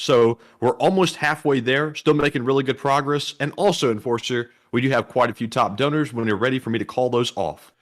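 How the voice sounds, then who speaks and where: A man co-hosts a casual livestream. His voice has an ordinary middle pitch. He reads long lists of donor names in a steady way and trips over a word now and then. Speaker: co-host reading donations.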